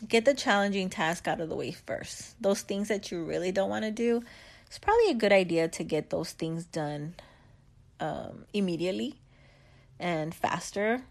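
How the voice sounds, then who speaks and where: A woman's voice: mid-range voice, lively intonation, moderate pace, creaky. A middle-aged woman giving life advice in a candid, chatty vlog, with frequent laughs and slangy asides. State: upbeat after a bike ride. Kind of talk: casual motivational chat.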